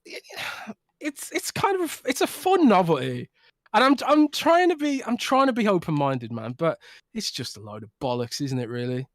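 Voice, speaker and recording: A man co-hosting a podcast, ranting in an animated way with many restarts. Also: sits high, moderate pace, dry recording, studio quality. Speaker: podcast co-host. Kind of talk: casual chat.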